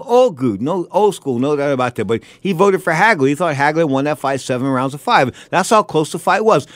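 A man's voice: a little high, no echo. An older man telling boxing stories in an emphatic, casual commentary style, repeating his set phrases.

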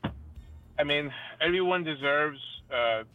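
A man calling in as a boxing analyst, speaking in a measured, hesitant way with many fillers. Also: on the high side. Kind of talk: call-in interview on a talk show. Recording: tinny phone line.

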